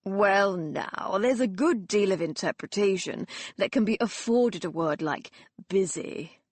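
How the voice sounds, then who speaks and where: A woman voicing a drunken, mocking young Victorian gentleman who talks loudly and slurs his words. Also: medium pitch, sing-song, measured pace, slightly rough, no room sound, heavily acted. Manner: loud, slurring, teasing.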